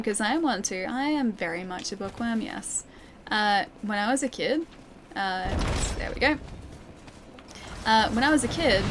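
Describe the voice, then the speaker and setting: A chatty Australian woman plays a game on a live stream and keeps up an easy back-and-forth with her chat. Her voice sits a little high, and she laughs often between remarks. A faint hum of room sound stays in the background. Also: a bit bright. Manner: chatty, laughs often, reads viewer comments aloud. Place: living room at home.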